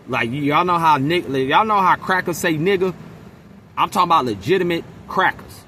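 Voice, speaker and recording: A man's voice: mid-range voice, normal speed, sharp tone, slight background noise. A man venting in a casual monologue to camera, blunt and profane, mimicking his coworkers. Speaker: vlogger.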